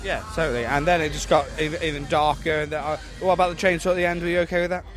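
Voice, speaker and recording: A man's voice: a little high, steady tone, racing. A man hosting on location, upbeat and heavy on fillers as he interviews guests. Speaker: host, reporter. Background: faint music.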